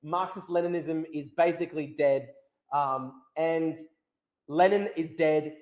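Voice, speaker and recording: Australian man, mid-high voice, crude mocking stream ranter, roomy echo. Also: unhurried, a little mellow. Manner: crude, mocking, repetitive ranting. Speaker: live streamer. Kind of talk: casual live-stream commentary.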